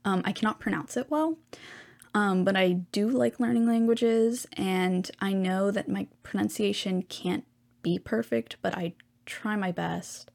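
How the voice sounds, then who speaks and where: A teenage girl hosting her own podcast, rambling and chatty with lots of fillers, at a middle pitch. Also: steady tone, unhurried, creaky, darkish tone. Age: teens. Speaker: podcast host. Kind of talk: casual podcast monologue.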